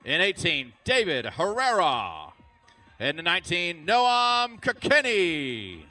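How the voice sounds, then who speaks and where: A high, lively male announcer bringing live commentary to a big indoor arena, cheering on competitors with bright energy. Faint music plays behind him. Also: slow. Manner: hyped, cheering on athletes. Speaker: event announcer.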